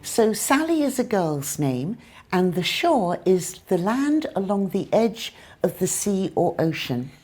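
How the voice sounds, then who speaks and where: A woman with a British accent teaching English pronunciation, modelling sounds clearly and carefully. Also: mid-range voice, very animated, takes it slowly, darkish tone, soft background music. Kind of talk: pronunciation lesson.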